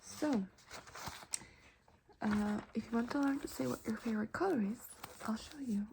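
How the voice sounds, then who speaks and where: A woman teaching in a whispered ASMR lesson, slow and patient, gently repeating each word. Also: a little high, gravelly, a little hiss or hum, low-quality recording.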